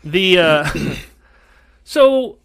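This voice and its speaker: A man hosting a casual podcast, telling a long story in an animated, rambling way with many self-corrections. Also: high voice, extremely slow, creaky, clear, resonant tone, no echo, clean studio sound. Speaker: podcast host.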